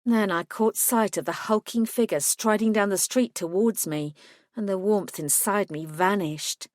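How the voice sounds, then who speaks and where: A woman narrating a first-person audiobook in a steady, clear storytelling voice. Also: medium pitch, a little slow, no room sound, clean studio sound.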